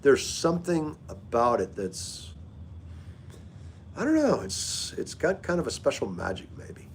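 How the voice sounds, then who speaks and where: A man's voice: mid-range voice, huge pitch swings, measured pace, a little hiss or hum. A man hosting a live stream, chatting casually and greeting viewers by name as he talks. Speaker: livestream host.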